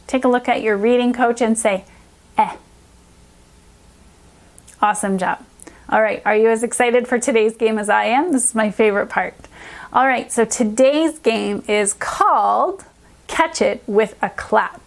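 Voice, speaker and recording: Encouraging woman teaching phonics to kids. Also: on the high side. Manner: upbeat, encouraging, slow careful sound modeling. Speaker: reading specialist teacher. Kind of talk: children's phonics lesson.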